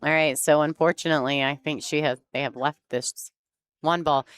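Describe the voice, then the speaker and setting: A woman's voice: deep voice, steady tone, normal speed, clean tone. A woman commentating a pool match in a chatty way, laughing easily and explaining the play. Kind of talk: sports commentary.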